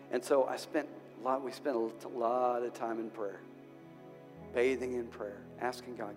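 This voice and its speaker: Pastor, middle-aged man, earnest emotional sermon, slightly high voice, long hall reverb with soft music underneath. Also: normal speed. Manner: earnest, emotional, restarts often, swings loud and soft. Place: church hall.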